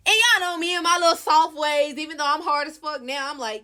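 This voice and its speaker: Young woman vlogger, high and bright voice, profane, chatty storytime. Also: lively intonation, quick pace, hardly any pauses. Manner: candid, profane, addresses viewers directly. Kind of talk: casual storytelling.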